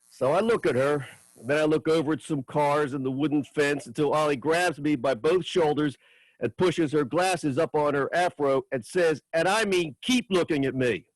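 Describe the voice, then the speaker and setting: Man reading his novel aloud, fairly high. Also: dry recording. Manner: steady, measured first-person narration. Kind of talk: reading fiction aloud at an open mic.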